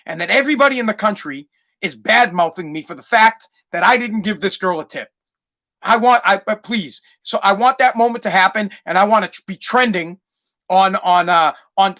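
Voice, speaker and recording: A man rants alone on his podcast, swearing freely and hammering his points. His voice sits high and sounds bright and forceful. He speaks in an emphatic, heated way. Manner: ranting, profane, emphatic. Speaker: podcast host. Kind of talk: solo podcast rant.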